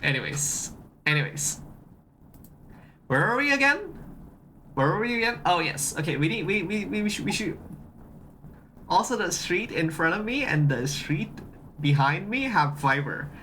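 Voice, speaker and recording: A streamer talking casually on a desk mic. The voice is bright and forceful, and it swings up and down a lot as they greet chat, repeat each phrase and restart sentences. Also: mid-range voice, sing-song, moderate pace, long pauses, slight background noise.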